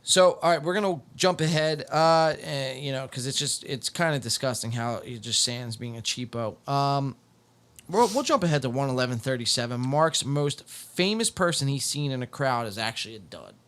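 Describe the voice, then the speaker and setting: A man's voice: mid-range voice, expressive, normal speed, fairly bright tone. A man hosting a podcast, reacting to clips in casual, profane, joking commentary.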